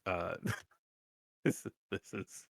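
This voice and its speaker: A man's voice: very slow, no echo, clean studio sound. A man acting as game master in a casual online tabletop game, narrating in a rambling way with frequent restarts.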